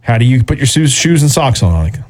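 Man, sports radio host, playful drawn-out delivery, casual talk. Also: mid-range voice, darkish tone, husky. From American South.

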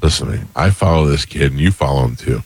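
A man hosting a morning radio show in a relaxed, amused way. His voice is very low, and the studio sound is dry and close. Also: fast, breathy edge, dry recording. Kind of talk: casual radio chat.

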